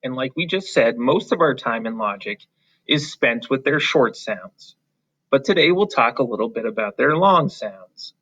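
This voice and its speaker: A man teaching a phonics lesson to young children, patient and encouraging, drawing out letter sounds slowly and clearly. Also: medium pitch, lively intonation, fairly bright tone. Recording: slightly dull, lo-fi.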